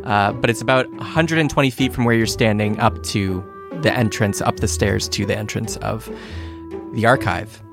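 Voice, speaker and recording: A man running a tabletop game as game master, describing scenes in a halting way with many fillers. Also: fairly low pitch, gravelly, over music.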